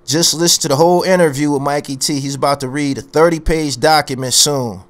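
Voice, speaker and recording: A man's voice: a little high, fairly quick. A man ranting on his own commentary channel, boastful and confrontational, hammering his points by repeating phrases. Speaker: YouTube commentary host.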